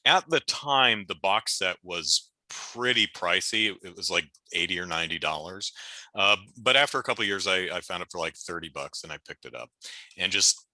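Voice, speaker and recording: A middle-aged man hosting a casual movie discussion, talking in halting bursts with frequent restarts and fillers. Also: low-pitched, lively intonation, bright, forceful tone, dry recording, poor audio. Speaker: YouTube show host.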